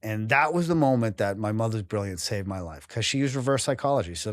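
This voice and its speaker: A man's voice: lowish voice, expressive, quick pace, hardly any pauses, dry recording, clean studio sound. A man from New England, a guest on a podcast, telling his story candidly and emotionally, swearing freely and often breaking off and restarting.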